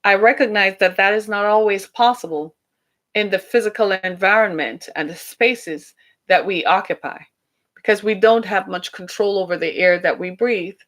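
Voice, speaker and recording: A woman's voice: medium pitch, normal speed, fairly bright tone. A woman hosting a live stream, talking casually and reading out viewer comments, often asking "right?" and laughing off trolls. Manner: conversational, chuckles at trolls, asks "right?". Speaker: livestream host.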